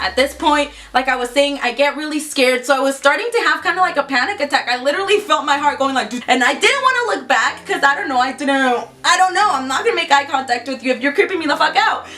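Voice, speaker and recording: A young woman vlogger excitedly retelling a scary story, swearing freely and acting out the lines of the people in it. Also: high voice. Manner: excitable, swears a lot, quotes herself and others in acted voices. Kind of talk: storytime vlog, casual retelling.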